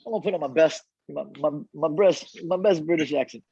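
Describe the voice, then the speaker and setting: A man talks from his car as an interview guest, animated and laughing often, often repeating his words. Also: on the high side, a little fast, slightly rough, no echo. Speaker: cigar brand founder, guest. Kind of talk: casual interview chat. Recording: dull dry remote call audio.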